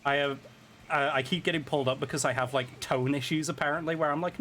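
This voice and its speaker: A man's voice: on the high side, steady tone, fast talker, a bit bright, slight background noise. A British man chatting casually while streaming a game, rambling with restarts and laughing at himself. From Britain. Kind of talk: casual gaming chat.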